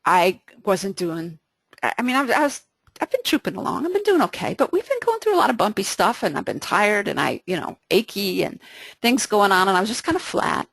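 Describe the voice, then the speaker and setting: A woman leading a casual Bible study talk, conversational and lively, with frequent restarts. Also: mid-range voice, fairly quick, gravelly, no room sound.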